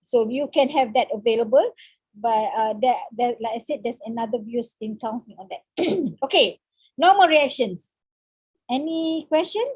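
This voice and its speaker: A woman with a Malaysian English accent giving a seminar lecture on counseling over a video call, speaking haltingly with many fillers and slipping in Malay words. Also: a little high, a little mellow, breathy edge, no echo.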